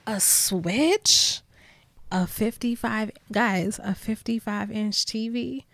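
A woman's voice: mid-range voice, slow pace, fairly bright tone, dry recording. A woman hosting a podcast in casual chat, playful and chatty, laughing often and dropping into whispered asides. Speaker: podcast host.

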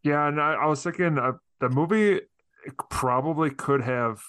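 A man with a smooth, resonant voice talks as a podcast guest in a dry, close-sounding recording. He speaks thoughtfully and hesitantly, working his ideas out as he goes. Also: a little high, moderate pace, fairly bright tone, no echo. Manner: thoughtful, hesitant with many restarts. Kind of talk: casual film discussion.

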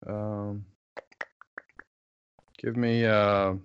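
A man's voice: fairly low pitch, level tone, very slow, clean tone, no room sound, highs cut off. A man co-hosting a casual podcast chat, easygoing and a bit hesitant. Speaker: podcast co-host.

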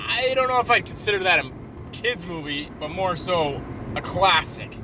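A young vlogger with a high-pitched, expressive voice talks to a camera while driving, speaking at a normal speed. He rambles in a sardonic, profane, meandering way from inside his car on the road. Road and engine noise can be heard in the recording.

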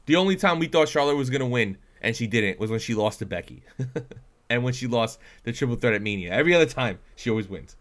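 A man's voice: medium pitch, lively intonation, fast. A man co-hosting a casual chat show, talkative and playfully teasing. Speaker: podcast co-host.

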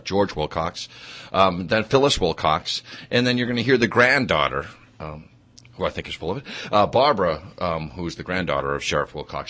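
Deep, bright-toned man arguing. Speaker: debater. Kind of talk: casual debate.

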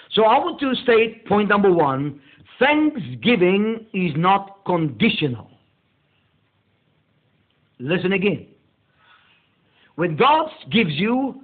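A male pastor delivering a meditative sermon, slow and deliberate, leaning hard on key words. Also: high-pitched. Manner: slow, deliberate preaching with drawn-out emphasis. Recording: tinny phone-like audio.

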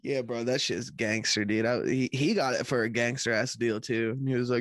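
A man's voice: mid-range voice, normal speed, dry recording, clean studio sound. A young man chatting casually on a podcast from a room at home, laughing often and swearing in slangy talk. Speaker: podcast co-host. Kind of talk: casual profane chat.

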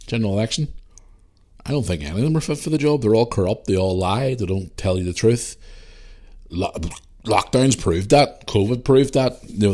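Blunt Northern Irish man, low voice. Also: a little mellow. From Northern Ireland. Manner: blunt, opinionated storytelling. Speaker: podcast host. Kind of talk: casual monologue.

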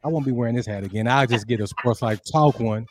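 A man's voice: medium pitch, quick pace, no room sound. A man co-hosting a sports talk show, speaking with enthusiasm. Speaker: podcast co-host. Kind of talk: casual chat.

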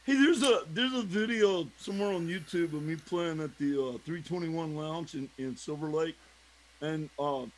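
A man co-hosting a podcast, a musician telling stories and laughing often. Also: high voice. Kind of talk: casual chat.

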